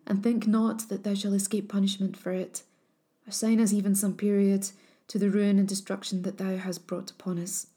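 A young princess under a swan enchantment, grave and formal in her speech, as a woman reads her. Her voice is soft and mellow, with a warm, low glow. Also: level tone, normal speed, close to an everyday voice. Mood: reproachful.

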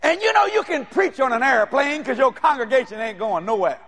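A man preaching a sermon, telling stories in an animated, playful way and often shouting. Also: very high-pitched, a little fast, background noise. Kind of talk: sermon with storytelling.

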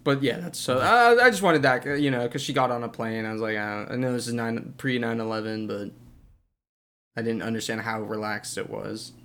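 A man's voice: medium pitch, moderate pace, a bit bright. A man with an ordinary mid-range voice chats on a movie podcast. He retells scenes at an easy pace and quotes the characters along the way. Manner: laid-back, retells scenes with quoted lines. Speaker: podcast co-host. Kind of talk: casual movie-podcast chat.

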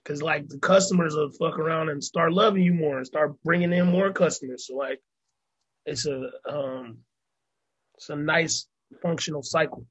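A young man with a husky, slightly high voice chats as an interview guest. He is laid-back and slangy, and he leans on fillers between thoughts. His talk stays loose and unhurried. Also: fairly bright tone, muffled recording. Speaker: musician and actor guest.

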